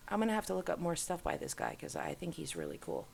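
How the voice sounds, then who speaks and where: Low, gravelly middle-aged woman musing. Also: huge pitch swings, fast talker, slight background noise. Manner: rambling, musing aloud. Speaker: host. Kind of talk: casual screen-share commentary.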